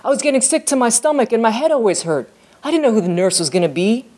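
A woman's voice: a little high, lively intonation, fast talker, mellow, voice pushed up. A woman voicing a poor, bullied country boy who protests miserably, her voice lifted well above her own. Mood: pleading.

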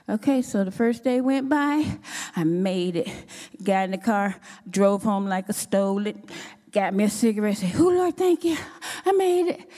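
A woman sharing a testimony at church, telling her story with animated, expressive delivery. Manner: expressive, acts out her own quotes with sudden pitch jumps. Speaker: church speaker giving a testimony. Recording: long hall reverb.

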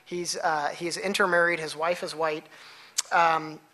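A woman researcher presenting her findings at an academic conference, explaining in a measured way and now and then correcting herself mid-sentence. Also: low voice, level tone, sharp tone. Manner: measured, explanatory lecturing with occasional self-corrections.

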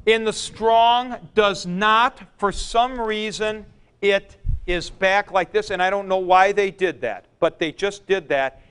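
A man's voice: high-pitched, takes it slowly, fairly bright tone, clear, resonant tone. A man lecturing a class, thinking aloud and repeating key points for emphasis as he writes on a board in a classroom. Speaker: Greek teacher.

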